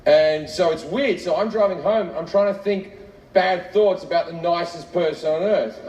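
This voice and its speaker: In an echoey, distant and noisy live recording, a middle-aged comedian whose voice sits high and has a darkish tone works through a stand-up routine at a moderate pace. His profane story mocks himself and gets laughs.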